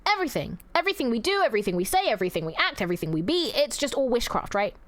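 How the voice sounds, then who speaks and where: A woman's voice: fairly high pitch, big pitch swings, racing, dry recording. A woman streaming a video game, reading its dialogue aloud and swearing at the screen. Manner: profane, loud outbursts at the screen. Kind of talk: casual game stream commentary.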